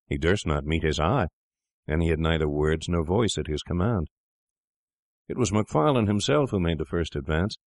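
A man narrating a classic tale in a measured, grave manner. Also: sits low, lively intonation, no echo, studio quality.

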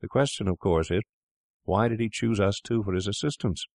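Cynical young doctor played by a man, cool, persuasive, deep low voice, dry sound. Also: fairly quick, darkish tone, dry recording, close to an everyday voice. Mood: coolly persuasive.

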